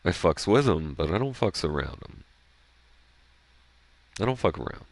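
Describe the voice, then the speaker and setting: A man chatting casually over gameplay, rambling excitedly and swearing freely. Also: low-pitched, moderate pace, no echo. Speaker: gaming streamer.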